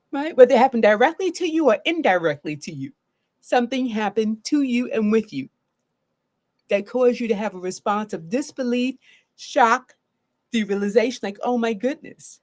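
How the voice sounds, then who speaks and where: A woman's voice: a little high, darkish tone. A middle-aged woman therapist giving a live solo talk about trauma. She speaks earnestly and often checks in with "right?".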